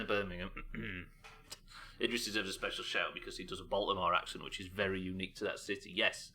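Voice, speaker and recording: A man's voice: deep voice, steady tone, brisk, pushed and bright. A British man live-streaming a game, chatting casually with his chat and reading aloud in a chatty, self-interrupting way. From United Kingdom.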